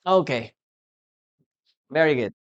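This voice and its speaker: English teacher, live online class, talks real slow, drills words over and over. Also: mid-range voice, lively intonation, highs cut off. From Peru. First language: Spanish. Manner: repetitive, drills pronunciation, asks the class questions.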